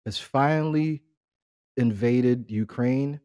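A middle-aged man chatting on a family podcast, easygoing and rambling, with frequent laughs. His voice sits at an ordinary pitch and sounds close and dry, with no room around it. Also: takes it slowly, mellow, no echo. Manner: laid-back, rambling, laughs often. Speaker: podcast co-host. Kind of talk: casual family podcast chat.

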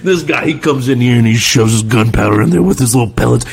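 A man co-hosting a sports podcast in casual chat, jokey and quick to laugh. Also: mid-range voice, creaky, breathy edge. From North Carolina. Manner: animated, laughs often, jokey. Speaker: podcast co-host.

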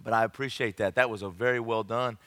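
A man preaching at a youth camp, telling a funny story from his childhood with lively, folksy emphasis. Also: lowish voice, quick pace. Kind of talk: evangelistic sermon with humorous storytelling. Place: large camp meeting room. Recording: long hall reverb.

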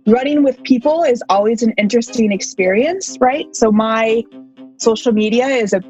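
A woman's voice: fairly high pitch, moderate pace, a little mellow, lo-fi sound, faint music behind. A woman runner talking casually as an interview guest, chatty and self-deprecating, filling her speech with "like". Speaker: long-distance runner guest.

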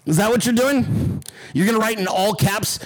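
High-pitched sarcastic ranting man. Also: normal speed, poor audio. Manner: sarcastic, mocking, ranting at chat. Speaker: livestream host. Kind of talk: profane livestream rant.

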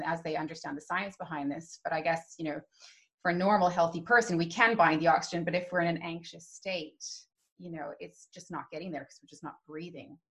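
Woman host, lowish voice, chatty, lots of fillers, casual interview. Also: creaky, a bit bright. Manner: chatty, many ums and you-knows. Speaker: podcast host interviewing a chiropractor.

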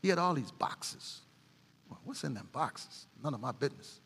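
A middle-aged woman preaching a sermon in a bright, gravelly voice with a husky edge. Her pitch swings widely as she moves between fervent preaching and homely family stories. The sound carries a long church-hall reverb. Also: moderate pace. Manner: animated preaching with folksy family storytelling.

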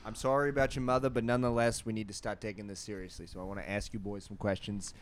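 A man's voice: on the low side, little pitch movement, quick pace, crowd noise, lightly acted. A man playing a stern, blustering federal cop in an improvised comedy sketch, barking threats. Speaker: guest comedian.

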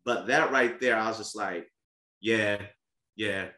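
A man's voice: lowish voice, takes it slowly, sharp tone. A man speaking as a podcast guest, telling a candid personal family story in an earnest, casual way, often restarting and repeating words. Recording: roomy echo.

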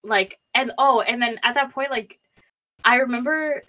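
A woman's voice: fairly high pitch, moderate pace, bright, forceful tone. Young woman rambling through a personal story. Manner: rambling, filler-heavy, acts out quotes. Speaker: storyteller guest.

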